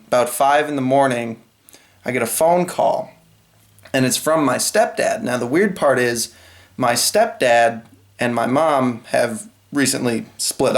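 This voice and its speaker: A young man telling a personal story in a casual vlog, rambling and acting out the people he talks about. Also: medium pitch. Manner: rambling, retelling a phone call and quoting others. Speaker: vlogger.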